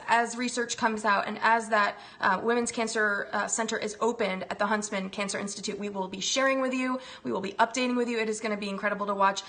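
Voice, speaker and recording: A woman's voice: on the high side, bright, forceful tone. A woman hosting a casual wellness livestream, effusive and bubbly, greeting viewers by name as she chats into her phone. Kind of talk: live-stream chat greeting viewers.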